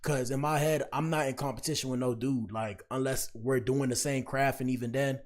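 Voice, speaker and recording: A man's voice: mid-range voice, fairly even intonation, a little fast. A man hosting a podcast, talking alone in casual slang, preachy and given to repeating himself. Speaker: podcast host. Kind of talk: casual commentary monologue.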